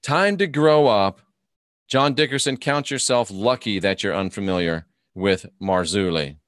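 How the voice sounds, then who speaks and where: A man's voice: fairly low pitch, a little slow, a bit bright, dry recording, clean studio sound. A man hosting a live stream, ranting and mocking his opponents while reading viewer comments aloud. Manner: mocking, combative, reads chat comments aloud.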